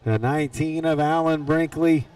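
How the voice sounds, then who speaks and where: Calling go-kart races live from the announcer stand, the man keeps it folksy, ribbing the drivers and cracking jokes between laps. His pitch is on the high side, his intonation fairly even, and his speed normal, with a slightly mellow quality. There's no echo, but he's far from the mic and the recording is rough.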